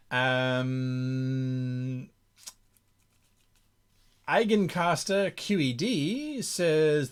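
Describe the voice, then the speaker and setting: Speaking at medium pitch, a man running a game brainstorms his campaign on a live stream. He thinks aloud with restarts and repeats, reading viewer comments as he goes.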